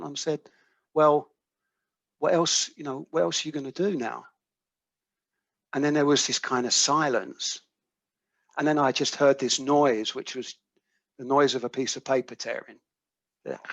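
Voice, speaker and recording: Over a video call, a British man from the United Kingdom shares a personal story at a recovery workshop, acting out quoted dialogue vividly and swearing casually now and then. His voice is mid-range, and the lo-fi call audio sounds dull, with no room sound.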